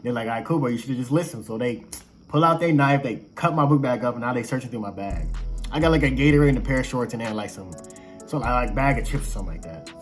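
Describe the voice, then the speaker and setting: A young adult man casually telling a personal story, slangy and animated, acting out quoted exchanges as he goes. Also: medium pitch, fast, soft background music.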